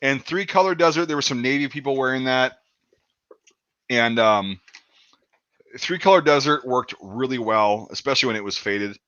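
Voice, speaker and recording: A man's voice: mid-range voice, moderate pace, pauses often, fairly bright tone, clear, resonant tone, no room sound, lo-fi sound. A man in his thirties telling a rambling story in casual chat, swearing often and acting out quotes. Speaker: podcast host.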